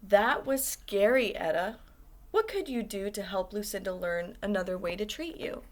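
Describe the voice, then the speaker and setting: A woman reading aloud the lines of a calm, soothing female teacher in a children's storybook. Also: a little high, normal speed, close to an everyday voice. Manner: soothing, gentle.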